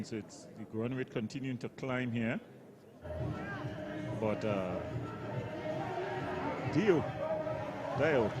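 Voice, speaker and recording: Chatty male cricket colour commentator. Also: mid-range voice. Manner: chatty, analysing the game.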